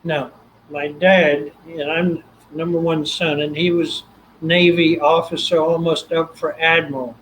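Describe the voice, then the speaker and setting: An older man from Texas with a Texan accent, a guest telling his story in an animated way and acting out the voices. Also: on the high side, a little slow, slight background noise, low-quality recording. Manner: animated, acts out quoted voices. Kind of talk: storytelling interview.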